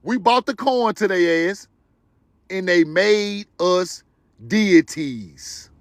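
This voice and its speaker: A man hosting a livestream, talking straight to his viewers in an animated, preachy, joking way with loud bursts of laughter. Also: sits high, slow, no room sound. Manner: talks to viewers directly. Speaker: livestream host. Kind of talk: excited livestream commentary.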